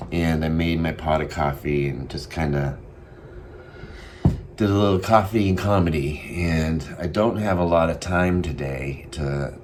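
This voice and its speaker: A man talking casually to camera in a daily vlog, rambling and thinking aloud with frequent pauses and ums. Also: very deep voice, a little mellow, a little hiss or hum. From Massachusetts. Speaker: vlogger.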